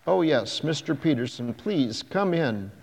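A tired, grieving young mother, as voiced by a male storyteller, speaking softly and apologetically at a slow, careful pace. The voice carries a gravelly texture and echoes with a long hall reverb. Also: fairly high pitch, animated, full character voice. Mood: subdued. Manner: quiet, apologetic.

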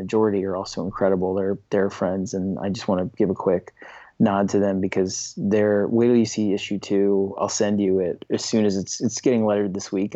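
A man telling stories as a podcast guest, rambling and animated with many restarts. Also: lowish voice, no room sound, lo-fi sound. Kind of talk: casual storytelling in an interview.

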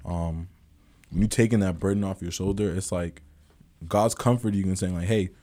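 A man's voice: low-pitched, brisk, warm tone. A man in casual group chat, reflective and thinking aloud.

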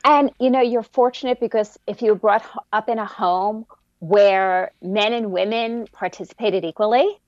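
A woman's voice: mid-range voice, moderate pace, a little mellow, no room sound. Earnest businesswoman, dull dry recording. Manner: earnest, storytelling, acts out quotes. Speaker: guest, businesswoman. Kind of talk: interview answers.

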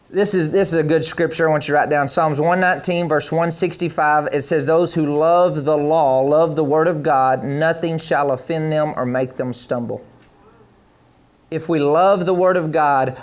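A man with a notably high voice delivers a sermon to a church congregation. He reads scripture passages aloud and speaks directly to the people in the sanctuary. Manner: preaching to a live congregation, reading scripture aloud. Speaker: pastor.

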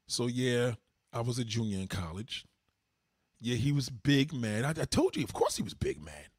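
A man hosting a casual livestream. He tells stories in a loud, profane, animated way. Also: mid-range voice, a little fast, long pauses, husky, dry recording, studio quality. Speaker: livestream host.

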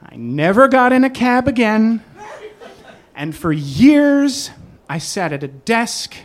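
An animated storyteller recounts a personal story on stage, jumping into voices for each quote. The pitch swings widely while the voice sits in a middle register. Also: slow pace.

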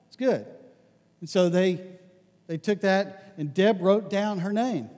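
Male pastor, conversational sermon, animated storytelling, high-pitched, long hall reverb. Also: takes it slowly.

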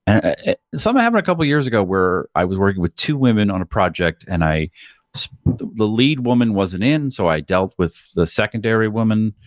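A man's voice: on the low side, big pitch swings, fairly quick, no echo. A man in casual podcast chat, telling stories with dry, self-mocking humor. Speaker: podcast co-host.

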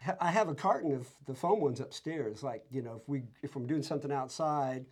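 A man in relaxed, easygoing conversation, chatting as a musician guest. He talks loosely, often restarting his sentences. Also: mid-range voice, fairly quick, husky. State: has tinnitus from years of loud music. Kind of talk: casual conversation.

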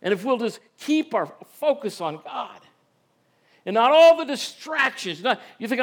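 High-voiced preacher asking folksy questions. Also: male voice, very animated, measured pace. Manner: folksy, asks the congregation rhetorical questions. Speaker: pastor. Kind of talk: sermon.

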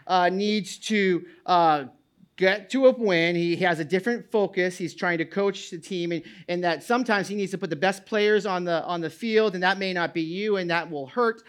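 A middle-aged male pastor preaching a sermon in an animated way, repeating words and restarting, booming out when he reads scripture aloud. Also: moderate pace, clear, resonant tone.

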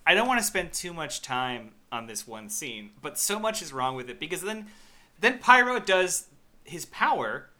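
Man, casual podcast co-host, sharp bright tone, animated, swears freely. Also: fairly high pitch, normal speed. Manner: animated, profane, recaps scenes with wry exasperation. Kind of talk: casual movie review chat.

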